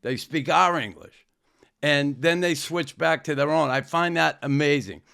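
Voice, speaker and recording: Man, Boston accent, co-host, gravelly, forceful bright tone, blunt talker. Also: a little high, measured pace. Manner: blunt, swears freely. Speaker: podcast co-host. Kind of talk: casual chat.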